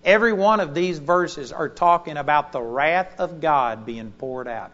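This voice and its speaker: A preacher delivering a sermon to a congregation in an auditorium, swinging between loud emphatic bursts and quiet asides. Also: male voice, on the high side, unhurried, in a large hall, dull audio.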